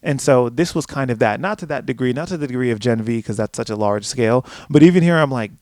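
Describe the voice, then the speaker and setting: A man's voice: medium pitch, fast, hardly any pauses, a little mellow, dry recording, studio quality. A man hosting a solo podcast, ranting animatedly with plenty of swearing and acted-out asides to himself. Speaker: podcast host.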